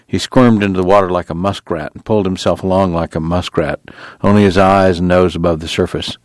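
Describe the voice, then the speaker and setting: A man with a low voice narrates an audiobook, telling the story in a measured, steady way. There is no room sound.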